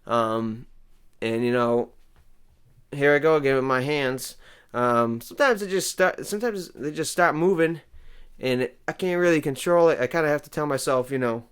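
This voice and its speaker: A man with a smooth, clear voice of middling pitch rambles through a deadpan comic monologue. He boasts about himself with mock self-importance and wanders off on absurd tangents. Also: normal speed. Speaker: comedy show host.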